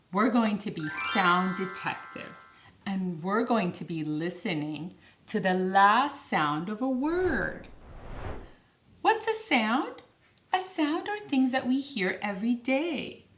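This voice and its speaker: A woman teaching young children phonics in a slow, clear, sing-song way, stretching each word out. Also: slight background noise. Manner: sing-song, stretches words slowly with lively pitch.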